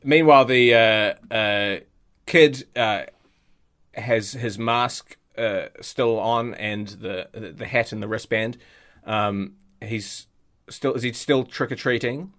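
A man's voice: medium pitch, slow, fairly bright tone. A man co-hosting a comedy podcast, telling an improvised silly story with lots of fillers and restarts. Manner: rambling, hesitant, acts out silly quoted voices.

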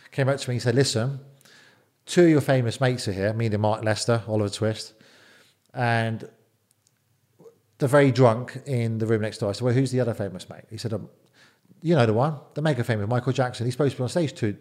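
Middle-aged man, chatty anecdote-teller, stumbles and restarts. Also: medium pitch. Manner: animated, repeats words, quotes people in dialogue. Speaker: interview guest, former bodyguard. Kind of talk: casual storytelling.

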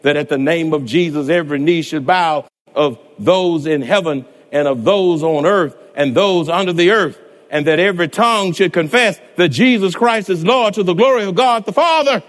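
A middle-aged male pastor preaching a sermon in a rhythmic cadence that builds into shouted climaxes. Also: a little high, moderate pace, hardly any pauses, in a large hall.

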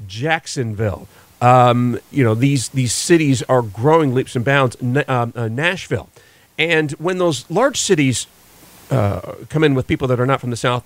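A man's voice: mid-range voice, no room sound. Dry-voiced male radio host, chatty. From western United States. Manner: casual and explanatory, with frequent fillers and restarts. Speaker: radio morning show host. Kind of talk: solo radio show recap.

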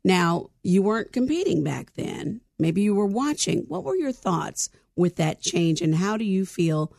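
A woman's voice: mid-range voice, very animated, measured pace, gravelly, darkish tone, no room sound, clean studio sound. A woman hosting a talk-show interview in a playful, joking way, laughing often.

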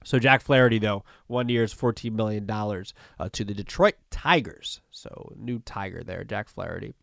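On his solo sports podcast, this man speaks at normal speed in a fairly low, creaky voice with a fairly bright tone. His talk is casual and loose, with lots of fillers and restarts, and the recording is dry, clean studio audio.

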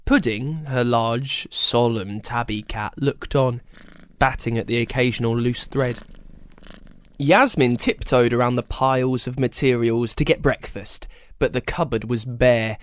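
A storyteller reading a children's story in an expressive, animated way. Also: mid-range voice, a little slow, no echo, studio quality.

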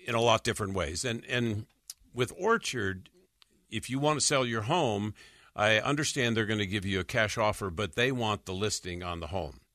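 A man hosting a radio talk show about mortgages, reading listener questions aloud and answering in a halting way, with many fillers and frequent chuckles. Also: lowish voice, pushed and bright, no echo, studio quality. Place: radio studio.

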